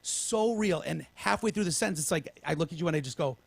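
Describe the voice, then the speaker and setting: A man from Michigan, a podcast co-host telling a long story in casual, profane talk. He drops to hushed whispers when quoting himself. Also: a little high, quick pace, vocal fry, slightly rough, dry recording.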